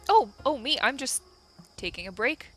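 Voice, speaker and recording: A woman playing a tabletop role-playing game with a bright, forward voice. She is playful and now and then slips into a sneaky whisper. Faint music runs underneath. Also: high-pitched, animated, normal speed. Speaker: player.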